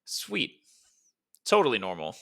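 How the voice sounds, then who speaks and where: A man voicing a sarcastic young man in an audiobook who talks fast when he is flustered. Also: medium pitch, big pitch swings, sharp tone.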